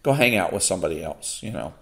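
A man hosting his own show, giving unhurried solo commentary, reading out quotes and reacting with many fillers and restarts. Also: low-pitched, animated, vocal fry, a bit bright. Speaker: podcast host.

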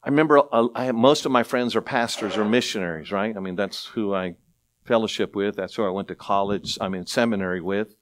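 A middle-aged male pastor preaching a sermon, telling stories with lively acted-out voices and frequent laughter. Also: on the low side, fairly quick. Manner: animated storytelling, acts out voices, laughs often.

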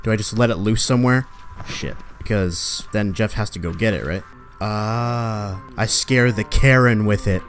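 A man playing a horror game and commenting as he goes. He swears at the characters and talks back at the game, then breaks into loud, panicked yelps. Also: fairly low pitch, normal speed, faint music behind. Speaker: let's play gamer.

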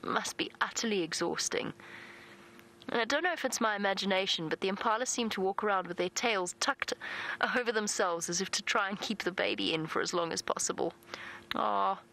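A woman presenting live wildlife commentary as a safari guide from an open vehicle, chatty and playful, cooing softly at animals. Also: medium pitch, low-quality recording. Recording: outdoor vehicle and wind noise.

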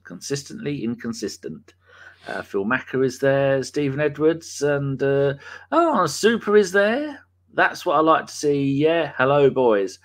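Hosting a live podcast, a man with a mid-range voice talks a little slowly in relaxed live-stream chat. He banters, calls out names from the chat, and throws in the occasional swear.

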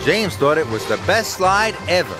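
A man reading scripted storybook narration for a children's cartoon, slow and expressive. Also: on the high side, over music.

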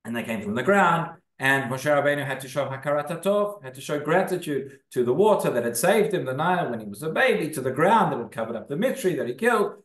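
A man leads a relaxed, conversational class in a synagogue, reading sources aloud and often pausing or restarting. His voice sits somewhat high for a man. The room gives his voice a noticeable echo. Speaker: rabbi teaching a class. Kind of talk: casual spoken Torah class. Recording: echoey room.

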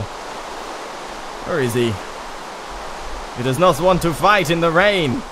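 A man's voice: a little high, animated, slow, long pauses, background noise. An Australian man with a put-on British accent, chatting his way through a video game and talking to the creatures in it. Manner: chatty, rambling, talks to game mobs. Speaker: let's play host. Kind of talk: gaming commentary. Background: keyboard typing and clicks.

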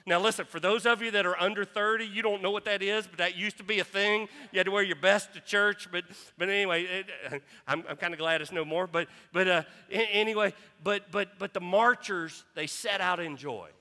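Impassioned high-voiced pastor preaching. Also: male voice, fairly quick, bright, forceful tone, big-room sound. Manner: impassioned, repeats words, quotes scripture. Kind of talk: sermon. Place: church sanctuary.

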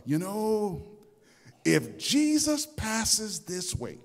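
A male pastor preaching a sermon, telling a story dramatically and shouting out its cries. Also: high voice, wildly swooping pitch, very slow, big-room sound. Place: church sanctuary.

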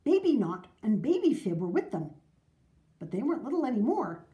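A woman reading a children's math storybook aloud in an expressive, sing-song way. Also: on the high side, fairly quick, roomy sound.

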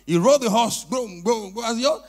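A man's voice: very high-pitched, normal speed, creaky, faint music behind. A male pastor preaching a sermon in church, telling a story and calling on the congregation to respond. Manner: animated storytelling with call-and-response.

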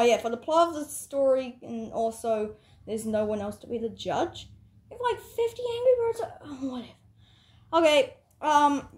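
A woman voicing a goofy, rambling plush character who acts as judge in a homemade comedy skit. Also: high voice. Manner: silly, rambling, bursts into yelling.

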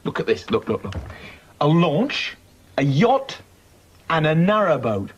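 A man's voice: a little high, big pitch swings, a little slow, dull audio, a little hiss or hum. A man presenting a children's TV show, chatting cheerily and teasing his puppet friends. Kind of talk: scripted talk to puppets.

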